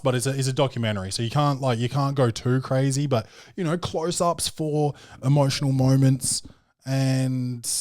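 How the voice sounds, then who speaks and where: An Australian man talks casually as a podcast host, rambling through a story with constant fillers and a lot of swearing. His voice sits at an ordinary middle pitch for a man. The recording is dry and close, with no room sound. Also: a little mellow, dry recording.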